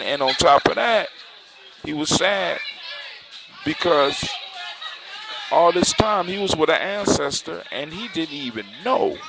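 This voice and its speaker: A man narrating a folktale aloud in a relaxed, unscripted way. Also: a little high. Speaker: storyteller. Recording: clear background hiss.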